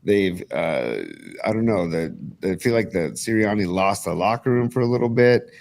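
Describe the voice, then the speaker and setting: A man hosting a casual sports chat on a live stream, opinionated and excitable, with lots of fillers and restarts. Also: fairly low pitch, normal speed. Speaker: podcast host.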